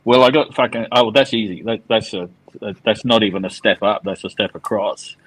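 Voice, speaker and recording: A man's voice: fairly low pitch, moderate pace, a bit bright, poor audio. A man chatting casually on a livestream, swearing constantly and laughing often. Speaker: guest on a livestream. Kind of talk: casual chat. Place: on holiday abroad.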